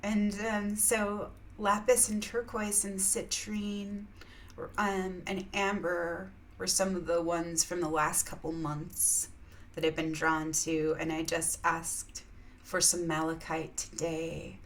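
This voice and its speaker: With a fairly low, level voice and a slow pace, a woman vlogger rambles through spiritual reflections, laughing frequently and saying "yeah" a lot. A little hiss or hum can be heard.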